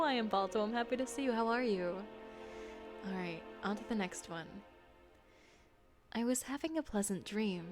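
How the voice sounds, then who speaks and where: Giggly woman streamer with music behind. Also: medium pitch. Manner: chatty, giggly, greets viewers warmly. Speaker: streamer reading chat's scary stories. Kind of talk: casual live-stream chat.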